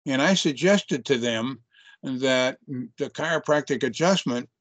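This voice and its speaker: A man's voice: mid-range voice, measured pace, fairly bright tone, no room sound. Earnest older man telling a story. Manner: earnest, reflective, many restarts. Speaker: chiropractor guest. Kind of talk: storytelling interview answer.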